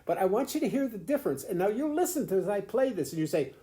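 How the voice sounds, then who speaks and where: This grandfather's voice sits high, sing-song and mellow, and he talks fast. He rambles in a folksy way while teaching a grandchild about the fiddle for a casual home video, often restarting and chuckling.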